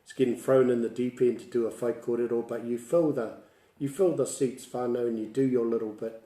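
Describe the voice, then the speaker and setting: A relaxed, mellow-voiced man with a New Zealand accent runs a casual online language lesson. He talks in a chatty storytelling way, laughs a lot and mixes Māori words into his talk. The sound is roomy and echoey. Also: medium pitch, brisk.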